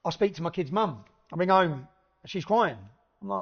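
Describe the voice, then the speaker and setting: Animated swearing storyteller, high-pitched. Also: male voice, normal speed. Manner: animated storyteller, swears freely, laughs between lines. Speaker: podcast guest. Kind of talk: casual anecdote telling. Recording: dull lo-fi recording.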